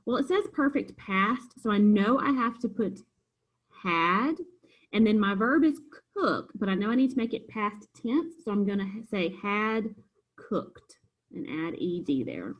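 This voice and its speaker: Patient woman teacher with a husky voice. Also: mid-range voice, animated, unhurried, poor audio. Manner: patient, step-by-step explaining. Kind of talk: recorded homework review lesson.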